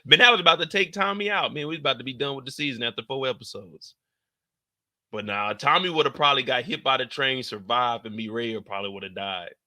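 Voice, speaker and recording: A man giving casual reaction commentary on a TV show, profane and animated, acting out scenes in high squeals and shouts. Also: fast, no echo.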